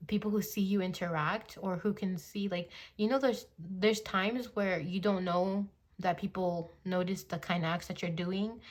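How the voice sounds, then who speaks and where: A woman's voice: medium pitch, steady tone, normal speed, few pauses. A woman in her twenties giving a casual tarot reading into a phone, rambling and full of fillers like "like" and "you know", now and then slipping into gushing quoted voices. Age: 20s. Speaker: tarot reader.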